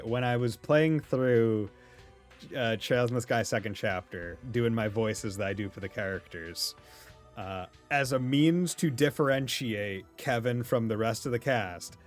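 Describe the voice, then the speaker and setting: There's faint music behind a man from Rhode Island, USA, whose lowish voice runs a little slow. He streams a game with rambling, easygoing chatter, laughing regularly and swearing now and then, in a light Rhode Island New England accent.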